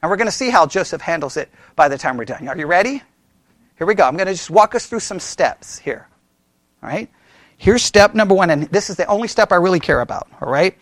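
Delivering a sermon in a conversational style, a man acting as pastor peppers his audience with questions and keeps restarting and correcting his sentences. He has a high, fairly bright voice with lively intonation and a fairly quick pace, captured in a dry recording.

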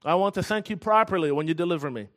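A man preaching a sermon in an earnest, emphatic way, slowing down to stress key phrases. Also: high voice, fairly bright tone. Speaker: pastor.

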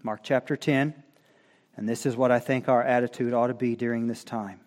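A man preaching a sermon as pastor, reading scripture and rising to loud, impassioned cries. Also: mid-range voice, steady tone. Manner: slow, building to loud impassioned cries when quoting scripture.

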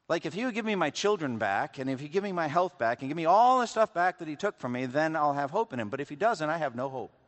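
A man's voice: on the high side, fairly bright tone. A man preaching a sermon as pastor, reading scripture aloud with conversational, wry asides to the congregation. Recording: long reverb of a large hall.

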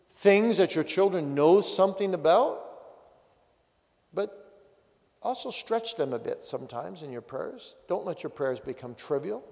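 A man's voice: high-pitched, darkish tone. A man, a pastor, giving a teaching talk on family prayer with direct, practical exhortations. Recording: long hall reverb.

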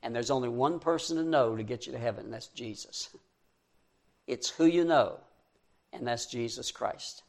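A man's voice: mid-range voice, fairly quick, creaky, few pauses. A man preaching a sermon, reading scripture verse by verse and rising to fervent emphasis.

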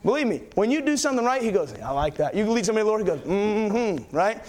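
A young male preacher with a notably high voice delivers a sermon in a church. He tells his stories in an excitable, rambling way, full of fillers and restarts. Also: very fast.

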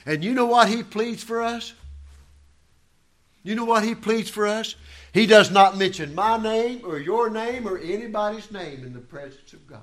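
A male pastor delivering a sermon, his voice high and bright. He preaches with fervor, swelling to shouted declarations. His phrasing is country and heartfelt. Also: moderate pace. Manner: fervent, builds to shouting.

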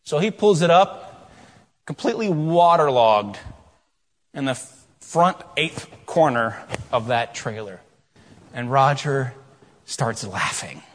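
A middle-aged man preaching a sermon, telling a story with quiet asides and loud, rising questions. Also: medium pitch, lively intonation, slow, long pauses. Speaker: pastor. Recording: long hall reverb.

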